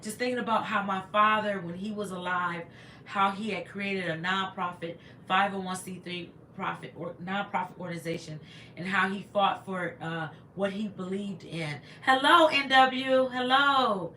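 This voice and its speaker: A woman's voice: mid-range voice, normal speed, sharp tone, reverberant, slight background noise. A woman, a teacher, chatting casually on a livestream, greeting viewers and rambling with stumbling restarts into a laptop microphone.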